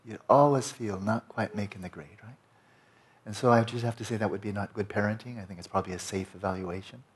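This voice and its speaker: A man teaching a meditation retreat in a relaxed, conversational way, often checking in with his listeners. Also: lowish voice, fast talker. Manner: conversational, frequent "you know" and "right?".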